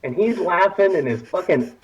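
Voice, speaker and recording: Guest storyteller from Texas, husky and lively, laughs through his own tale; muffled lo-fi audio. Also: sits high, normal speed. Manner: laughing often, acting out quoted voices. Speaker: podcast guest. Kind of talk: casual storytelling.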